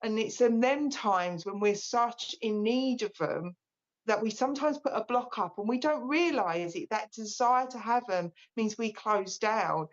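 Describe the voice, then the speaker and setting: A woman in her forties, a psychic medium talking on a live stream in a relaxed, chatty and openly emotional way. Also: a little high, a little slow, lo-fi sound. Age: 40s. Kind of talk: live-stream spiritual talk.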